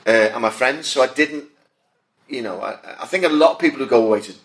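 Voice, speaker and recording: A man's voice: medium pitch, animated, fast talker, a bit bright. A middle-aged man with a Liverpool accent, an actor talking earnestly about his career while sitting at a table on the top deck of a bus. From Liverpool, England. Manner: earnest, reflective storytelling. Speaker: actor guest. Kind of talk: casual chat.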